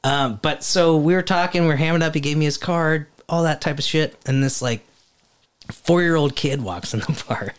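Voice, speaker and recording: A man's voice: a little high, normal speed, smooth. A man in casual podcast chat, telling a rambling story and swearing freely. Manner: animated storyteller, swears often, acts out voices.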